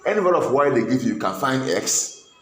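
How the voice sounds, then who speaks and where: A man's voice: medium pitch, very animated, quick pace, roomy sound, slight background noise. A man tutoring a pupil in math, sternly repeating questions and pressing for answers.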